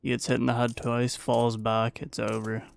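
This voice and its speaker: A man's voice: medium pitch, completely flat delivery, moderate pace, gravelly, a little hiss or hum. A man giving a casual, playful play-by-play voice-over of his own gameplay as a gaming YouTuber.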